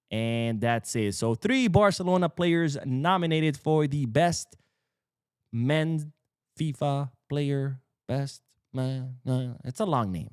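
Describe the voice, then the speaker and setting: A man's voice: mid-range voice, darkish tone, dry recording, studio quality. Chatty man hosting football talk. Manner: chatty, jokey, reads lists aloud. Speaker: football podcast host. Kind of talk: casual commentary.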